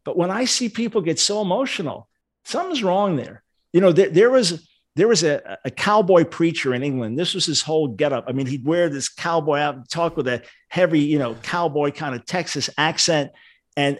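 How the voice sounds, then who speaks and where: An older man, a Bible scholar, explaining his view earnestly in a casual livestream discussion. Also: a little high.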